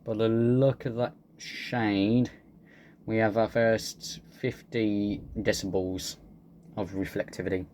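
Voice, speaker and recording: A man's voice: on the low side, flat delivery, slow pace, darkish tone, slight background noise. A man giving casual, joking gameplay commentary, laid-back and swearing freely. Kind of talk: casual let's-play commentary.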